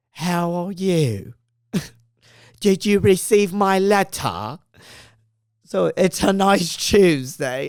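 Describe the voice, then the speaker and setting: A man's voice: medium pitch, vocal fry, no echo, clean studio sound. A young man, a comedian, telling travel stories in a playful, casual way, laughing often. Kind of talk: casual storytelling.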